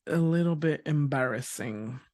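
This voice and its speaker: A woman's voice: sits low, normal speed, darkish tone, no echo, studio quality. Rambling, laughing woman podcast co-host. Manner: rambling, laughs often, restarts sentences. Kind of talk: casual chat.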